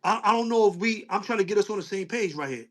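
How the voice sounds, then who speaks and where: A man's voice: sits high, fast talker. A man hosting a casual debate, pressing with questions and cutting in to hold the floor. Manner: challenging, cuts in with "hold on". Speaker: host.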